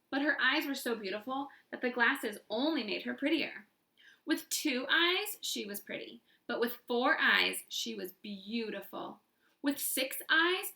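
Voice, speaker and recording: A woman reads a children's chapter book aloud with lively expression and stops to question her listeners. Her voice is bright with a gravelly grain. The room around her is echoey. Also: fairly high pitch. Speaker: storyteller.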